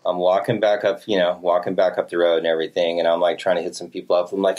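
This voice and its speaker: A man's voice: low-pitched, fast, hardly any pauses. A man telling a long story in casual talk, swearing often and acting out what people said. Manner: animated, profane, acts out quotes with voices. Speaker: podcast guest telling a story.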